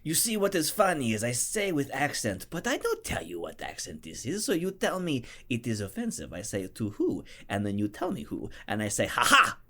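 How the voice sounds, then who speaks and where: A man's voice: wildly swooping pitch, moderate pace, few pauses, bright, forceful tone, full character voice. A man putting on a boastful odd-accented guy. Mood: mock-boastful. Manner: broken-English bragging, jumps in pitch.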